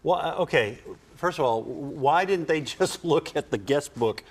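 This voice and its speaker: A man's voice: fairly high pitch, expressive, moderate pace. A man co-hosting a casual chat about news headlines, joking with dry asides. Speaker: co-host.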